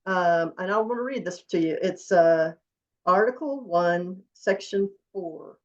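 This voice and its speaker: A lower-voiced woman from Texas co-hosts a casual political chat. She agrees steadily with her co-host and reads passages aloud. Her sound comes through dull and muffled. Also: a little slow.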